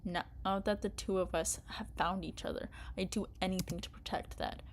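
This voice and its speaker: A woman reading the first-person lines of a protective heroine in a story game, softly and subdued. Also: medium pitch, fairly even intonation, moderate pace, a little hiss or hum, lightly acted. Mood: tense.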